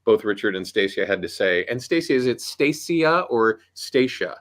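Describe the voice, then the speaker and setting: A man's voice: fairly low pitch, normal speed, a bit bright. Emphatic coaching man on a video call. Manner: emphatic, coaching, punchy warnings. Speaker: voiceover artist and audiobook coach. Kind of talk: animated panel chat.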